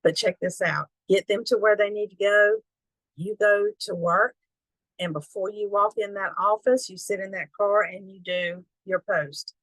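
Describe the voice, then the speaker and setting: A woman's voice: mid-range voice, fairly even intonation, a little slow, fairly bright tone, no echo, low-quality recording. Chatty Southern woman coaching. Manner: folksy, encouraging, chatty. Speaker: business trainer. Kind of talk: online training call.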